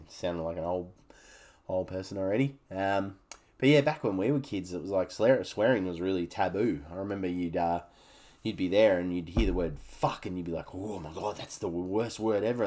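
A man's voice: low voice, darkish tone. An Australian man in his thirties, hosting his own podcast in a rambling, frank chat that swears freely. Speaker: podcast host. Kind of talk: casual solo podcast chat.

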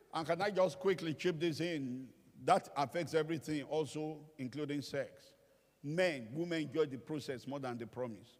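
A man's voice: medium pitch, a little fast. A male pastor giving a humorous sermon, telling stories and acting out the people he quotes. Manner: animated storytelling, acts out quoted voices. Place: church hall. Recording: long reverb of a large hall.

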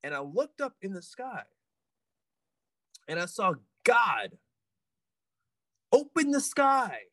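Man putting on a shaken young guy recounting his apocalypse vision, higher and lively, very dry sound. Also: slow pace, no room sound, exaggerated voice. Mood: awed, panicked.

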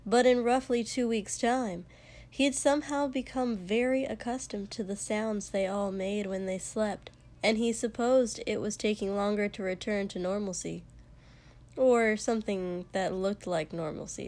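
A woman narrating a story aloud in a calm, measured way. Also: medium pitch. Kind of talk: fan fiction reading.

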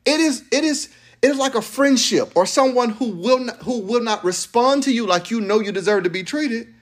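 A man preaching a sermon to a live congregation, animated and playful, mixing slang and laughter into his teaching. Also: very high voice, normal speed. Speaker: pastor. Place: church sanctuary with congregation.

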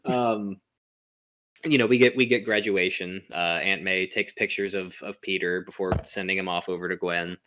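A man with a low, bright, forceful voice talks through a movie scene by scene in loose podcast banter. He rambles with plenty of fillers and jokes. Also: steady tone, moderate pace. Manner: rambling, joking, many fillers. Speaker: podcast co-host. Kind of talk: casual movie recap chat.

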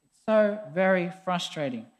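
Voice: medium pitch, animated, normal speed. A preacher giving a conversational, emphatic sermon, often sounding exasperated. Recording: long hall reverb.

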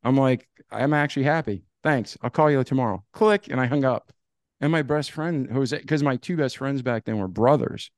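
Guest storyteller: man, mid-pitched voice, animated and casual, acts out dialogue, dry close mic. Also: normal speed, no room sound. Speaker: podcast guest.

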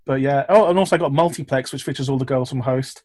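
A man's voice: mid-range voice, fast talker, darkish tone, no echo. A man, a filmmaker, chatting casually in an interview, rambling with lots of fillers and restarts. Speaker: filmmaker guest.

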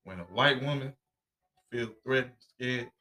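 A man from Chicago in casual chat, an animated storyteller who acts out voices, laughs often and uses a lot of profane slang. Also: medium pitch, unhurried.

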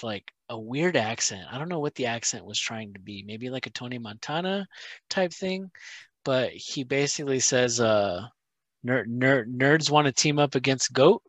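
Man, casual podcast chat, mid pitch, animated storytelling, quotes people, dry close sound. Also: dry recording. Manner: animated storytelling, quoting others, frequent "right?" and "you know". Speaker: podcast co-host.

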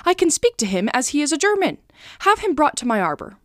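A woman's voice: high voice, sing-song, fast talker, no echo, clean studio sound, voice pushed up. A woman reading aloud, voicing a proud young German Jesuit colonel in a heightened, exclaiming way. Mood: astonished. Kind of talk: storybook reading.

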